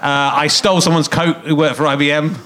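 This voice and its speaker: Bright-voiced joking male comedy host. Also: a little high, level tone, a little fast. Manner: jokey, teasing, laughs often. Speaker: podcast host. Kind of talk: live comedy interview. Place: theatre stage with live audience.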